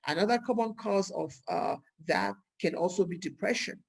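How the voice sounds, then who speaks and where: Brief: husky, gravelly woman vlogger, chatty and lively, full of rhetorical questions. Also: lowish voice, moderate pace. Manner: lively, rhetorical questions, acts out quoted speech. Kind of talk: casual talk to camera.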